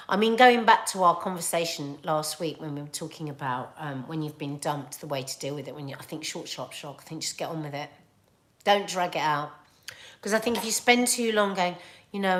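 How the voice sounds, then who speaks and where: A middle-aged woman with a British accent, hosting a casual livestream chat and telling stories in an animated, chatty way. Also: fairly low pitch, moderate pace. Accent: British English. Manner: animated, chatty storytelling with laughs and asides. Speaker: livestream host reading viewer comments.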